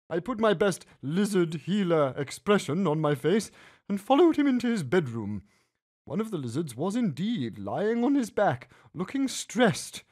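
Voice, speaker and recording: An animated man narrates a comic family tale at an unhurried pace. His fairly high voice swings widely as he reads, and he leans into the funny moments. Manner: animated, puts on voices for the characters. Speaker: story narrator. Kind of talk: storytelling read-aloud.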